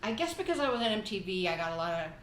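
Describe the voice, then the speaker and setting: A woman's voice: medium pitch, very animated, racing, reverberant, rough recording. A woman hosting a podcast, talking in a chatty, rambling way and telling stories casually. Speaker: podcast host. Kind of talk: casual chat.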